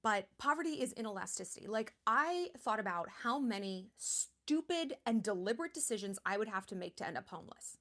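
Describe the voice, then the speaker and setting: A woman's voice: medium pitch, animated, fairly quick, hardly any pauses, a bit bright. A woman in her thirties hosting a charity livestream, talking in a chatty, blunt way with lots of fillers. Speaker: livestream host. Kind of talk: casual livestream talk.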